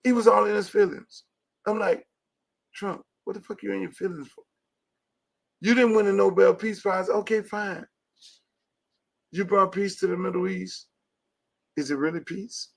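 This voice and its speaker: Brief: high-pitched, gravelly man, profane sports-talk host who hammers his points. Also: steady tone, moderate pace, pauses often. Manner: loud, profane, emphatic, repeats for emphasis. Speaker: high school football coach.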